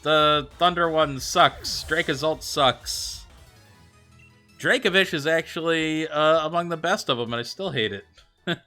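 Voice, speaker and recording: Young guy streamer, fairly high bright voice, chatty and excitable, some quiet music behind. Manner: chatty, animated, answers chat with quick excited reactions. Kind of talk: casual livestream chat reading viewer comments. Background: faint background music.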